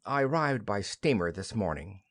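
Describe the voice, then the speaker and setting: A man's voice: lowish voice, lively intonation, moderate pace, a bit bright, husky, dry recording, studio quality, voice pushed down. A man voicing a timid, dejected widow in an audiobook play reading. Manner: subdued, timid. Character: widow Mrs Lynde, dejected, timid, weary.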